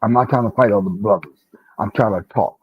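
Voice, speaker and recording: A man from Detroit talking in a casual panel discussion, animated and climbing high when he vents. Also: brisk, breathy edge. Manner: animated, rising to a high pitch when venting. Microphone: online call mic. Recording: dull, lo-fi online call audio.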